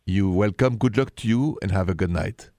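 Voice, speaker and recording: A man's voice: lowish voice, moderate pace, mellow, dry recording, clean studio sound. A man with a French accent hosting a call-in radio show, giving frank, direct relationship advice.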